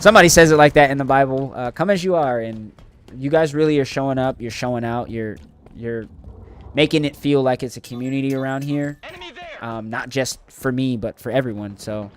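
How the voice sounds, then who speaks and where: A man's voice: medium pitch, a little fast, slight background noise. Earnest, rambling male game streamer. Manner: earnest, emotional, rambling with many fillers and restarts. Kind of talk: casual chat to live chat while gaming.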